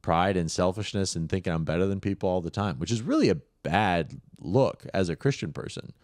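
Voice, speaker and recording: Animated low-voiced young man chatting. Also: a little fast, no room sound, studio quality. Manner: animated, mimics people in quoted voices. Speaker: podcast co-host. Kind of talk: casual comedic chat.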